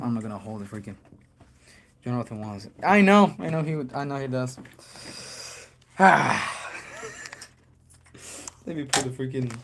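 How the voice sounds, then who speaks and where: A man's voice: medium pitch, a bit bright, a little hiss or hum. A man talking loosely on a livestream, joking and cursing as he answers chat. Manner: loose and joking, curses a lot, chats with viewers.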